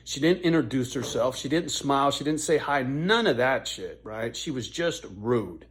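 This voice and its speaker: A man's voice: medium pitch, expressive, moderate pace, hardly any pauses, a bit bright. A man in his fifties telling a story to his viewers in a casual, rambling, profane way. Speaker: YouTuber.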